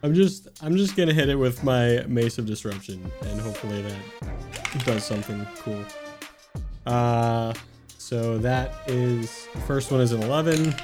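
A man's voice: medium pitch, unhurried, music in the background. A man playing a tabletop role-playing game, talking casually and laughing often as he describes his character. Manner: giggly, animated, laughs a lot. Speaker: player.

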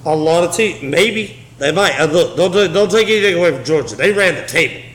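A man runs a casual solo sports podcast, chatty and joking as he speaks right to his listeners. His voice sits a little high and rings off the walls of an echoey room, with a faint hiss underneath. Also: expressive, a little fast, few pauses, a bit bright. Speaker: podcast host.

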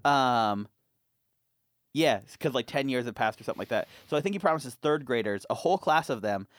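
A man's voice: medium pitch, animated, a little fast, no echo. A young man hosting a casual podcast, swearing and laughing as he rambles through stories. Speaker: podcast host.

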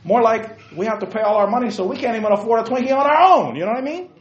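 A man hosting casual opinion talk, emphatic, swinging from quiet explaining to loud bursts. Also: high voice, lively intonation, very fast. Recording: roomy, dull lo-fi sound.

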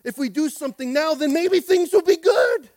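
Man, pastor, high voice, dry close sound, animated sermon, loud calls and quiet asides, conversational. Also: normal speed, no echo. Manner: animated preaching, swinging from shouts to quiet asides; calls for response from the congregation.

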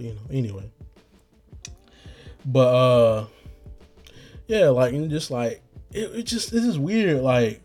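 A young man telling stories in a casual, rambling, slang-heavy way. He is profane and animated, and he acts out the quotes as he goes. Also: mid-range voice. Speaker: podcast host.

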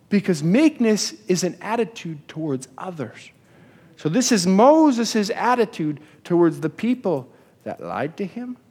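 A man preaching a sermon in a church, animated, acting out the people in the story as he goes. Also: very high voice, big-room sound. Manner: animated preaching, voices biblical figures in asides. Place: church sanctuary.

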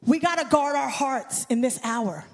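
A woman preaches a fervent sermon as a guest speaker, her voice very high as it climbs into shouts and a sung, rhythmic cadence. Long reverb from the church hall trails behind every phrase of her handheld-mic delivery. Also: moderate pace. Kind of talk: impassioned sermon. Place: church sanctuary. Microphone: handheld microphone.

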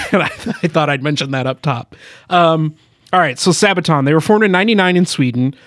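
A man's voice: fairly high pitch, a little fast, fairly bright tone, dry recording, clean studio sound. A man co-hosting a podcast in casual chat, eager and talkative, laughing often. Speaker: podcast co-host.

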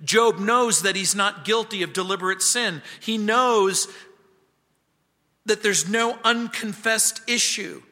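A pastor teaching verse by verse through a Bible book, earnest, sometimes dropping his voice to a hush. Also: sits high, slow. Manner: earnest, drops to a hushed voice at times. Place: church sanctuary. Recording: church hall reverb.

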